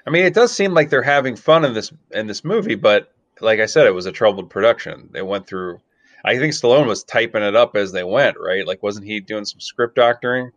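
A man's voice: lowish voice, animated, a little fast, fairly bright tone, no echo, dull audio. A man co-hosting a movie podcast, chatting casually with a wry, joking manner. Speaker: podcast co-host.

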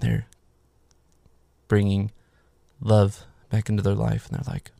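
A man's voice: on the low side, completely flat delivery, slow pace, creaky, pauses often, warm tone, no echo, clean studio sound. A man giving a casual, sarcastic, profane recap of a film, rambling with lots of filler words. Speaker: movie recap host.

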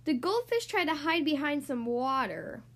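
Lively high-voiced woman reading a storybook. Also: moderate pace. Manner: animated, sing-song storytelling. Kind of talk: reading a children's storybook aloud.

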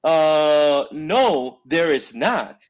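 Emphatic man with a somewhat high voice, dull sound. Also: lively intonation, extremely slow. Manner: emphatic, explains with repeated "right?" checks. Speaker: Marine, former recruiter. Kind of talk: casual chat.

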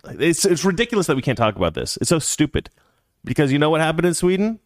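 A man's voice: on the high side, sing-song, quick pace, no room sound, clean studio sound. A man co-hosting a casual talk show, reading news stories aloud and commenting in a sarcastic, heated, mock-serious way.

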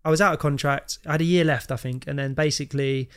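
A man's voice: on the high side, fast, smooth. A man in his thirties, a goalkeeper guest on a podcast, telling stories in casual chat and acting out the quoted lines. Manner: animated anecdotes, acts out quoted lines.

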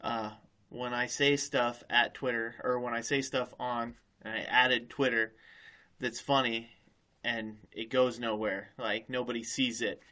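Bright-voiced rambling podcast host man. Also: mid-range voice, little pitch movement, unhurried. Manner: rambling, swears casually. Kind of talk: casual podcast chat, telling jokes.

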